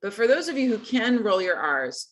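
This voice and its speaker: A woman's voice: on the high side, very animated, normal speed, fairly bright tone. A woman teaching an online group singing lesson, friendly and encouraging in a casual way.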